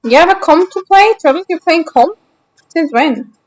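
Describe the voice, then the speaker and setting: A woman's voice: extremely high pitch, expressive, normal speed, dry recording, rough recording. A young woman streaming a game, chatting casually with her viewers in a teasing, mock-indignant way.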